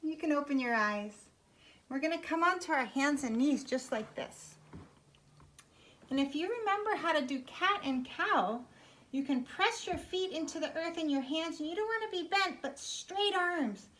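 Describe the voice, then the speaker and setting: A woman leading a yoga class for young children at home, talking gently and encouragingly as she guides each step. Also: high-pitched, lively intonation, moderate pace.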